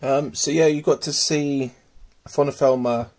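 A man's voice: a little high, fairly even intonation, moderate pace, darkish tone. A man casually showing his pet tarantulas at home, hesitant and full of ums, murmuring fondly to his pets. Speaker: tarantula keeper. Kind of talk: casual hobby video.

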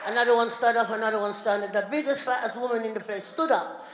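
A middle-aged woman performing a stand-up comedy routine, telling an animated story full of voiced characters. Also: a little high, quick pace, background noise. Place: town hall stage. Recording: live in a reverberant hall.

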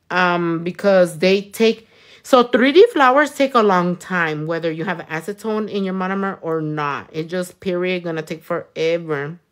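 Bilingual nail tech woman, playful. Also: on the low side. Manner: bilingual code-switching, crude and playful, frequent loud laughs. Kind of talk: casual livestream chat while doing nails.

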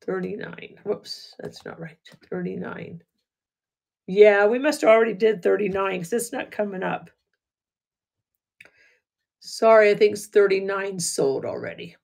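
A raspy-voiced woman running a live online jewelry auction, chatting with bidders, laughing often and thanking them by name. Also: mid-range voice, a little slow, long pauses, darkish tone. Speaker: livestream jewelry seller. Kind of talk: live auction selling chat.

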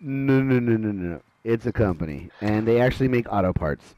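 An excitable man commentating a gaming match from home. His voice swings widely in pitch as he reacts to plays. The sound is dry and close, with no room around it. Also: moderate pace, no echo. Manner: excitable, loud exclamations at plays. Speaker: game commentator.

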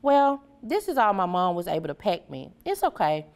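Shy little boy, soft and subdued, storybook reading by a woman. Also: on the low side, sing-song, normal speed. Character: shy young schoolboy, sad but polite.

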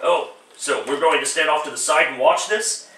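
A man's voice: fairly high pitch, normal speed, fairly bright tone, slight background noise, lightly acted. A man doing a grumpy old miser. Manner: grumbling, whiny exclamations. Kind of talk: one-man comedic radio play. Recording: roomy echo, distant mic.

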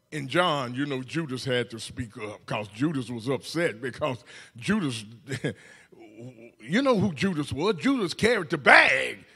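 A man preaching a Mother's Day sermon in church, shouting in bursts, stammering on repeated words and calling out to the congregation. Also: mid-range voice, expressive, measured pace, breathy edge. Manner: calls "hello, somebody" to the congregation. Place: church sanctuary.

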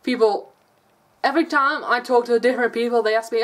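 A woman's voice: fairly high pitch, a little fast, fairly bright tone. A woman from England with an English accent, chatting casually in a rambling vlog and laughing often. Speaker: vlogger.

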